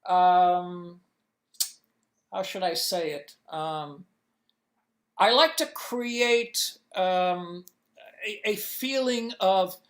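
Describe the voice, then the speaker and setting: A man guest in an interview on a video call, answering in a halting way with many restarts as he searches for words. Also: high voice. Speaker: comics inker, guest.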